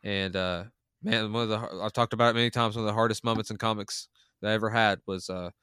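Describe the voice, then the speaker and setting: A man's voice: lowish voice, fairly even intonation, fast, pushed and bright, smooth, dry recording, studio quality. A man co-hosting a podcast, chatting enthusiastically and rambling with restarts. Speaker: podcast co-host. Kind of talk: casual podcast chat.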